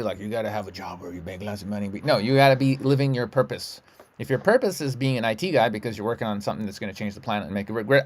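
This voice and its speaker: A middle-aged man hosting a livestream, giving a rambling spiritual talk in a loose, profane, emphatic way. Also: mid-range voice. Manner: loose, profane and emphatic, frequent "you know what I'm saying".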